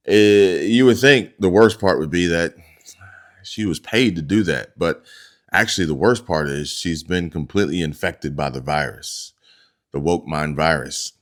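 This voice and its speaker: Male commentary host, very low voice, stumbling, direct-to-viewer monologue. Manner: addresses viewers as folks, restarts and stumbles.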